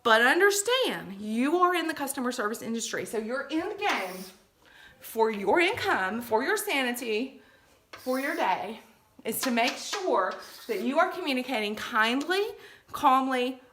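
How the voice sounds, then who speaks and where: A woman's voice: high-pitched, very animated, a little slow, a bit bright, a little hiss or hum. A middle-aged woman giving tips in a casual, chatty vlog, reassuring and full of fillers and asides. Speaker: vlogger giving shopper tips.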